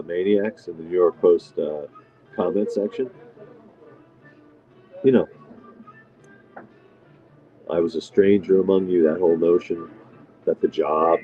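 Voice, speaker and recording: Very deep-voiced man chatting from a diner. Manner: rambling, chatty, reads and answers viewer comments. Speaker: livestream host. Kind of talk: casual live chat with viewers. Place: restaurant diner. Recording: dull lo-fi sound with faint music.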